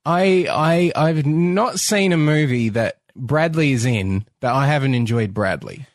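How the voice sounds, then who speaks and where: Brief: Australian man, mid pitch, halting, repeats himself, dry close sound. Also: lively intonation, no room sound. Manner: hesitant, repeats words when starting. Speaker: podcast co-host. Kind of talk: casual film discussion.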